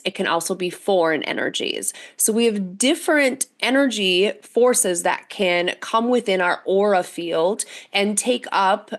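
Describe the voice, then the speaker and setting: Woman, forties, interview guest, earnest, animated storyteller. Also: mid-range voice. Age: 40s. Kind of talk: interview conversation.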